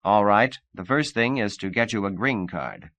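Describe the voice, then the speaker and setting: A man voicing a confident middle-aged male agent who talks in a brisk, coaxing way. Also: fairly low pitch, animated, fairly bright tone, no room sound. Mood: firm.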